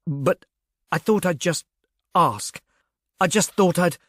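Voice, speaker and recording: A bashful young gentleman who stammers over his words and keeps apologising with awkward politeness, as a man reads him. He is pitched fairly high, and the voice sits dry and close. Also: slow, no room sound, full character voice. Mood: shy, hopeful. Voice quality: stammering, diffident. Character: shy stammering young Englishman, earnest and polite. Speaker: reader.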